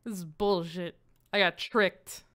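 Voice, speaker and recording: A woman streamer chatting casually to her live audience, excitable and quick to swear, with sudden loud outbursts, sounding out foreign phrases as she practices them. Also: on the low side. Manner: repeats foreign phrases aloud while practicing.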